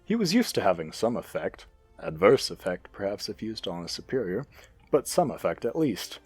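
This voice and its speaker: A man narrates a science fiction story in an expressive, animated reading. His low, husky voice ranges widely in pitch, with soft music playing underneath. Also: normal speed, dry recording.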